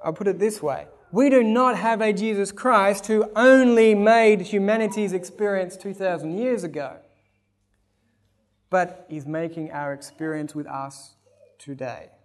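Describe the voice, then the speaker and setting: A man preaching a sermon. He reads passages aloud and comments on them, with big swings in loudness. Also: sits high. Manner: slow, emphatic delivery with big swings in loudness. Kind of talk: sermon reading and commenting on scripture.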